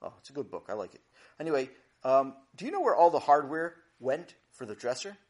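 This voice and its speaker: A man's voice: on the high side, very animated, brisk, darkish tone. A man voicing a patient, joking father who stammers a little and calls out.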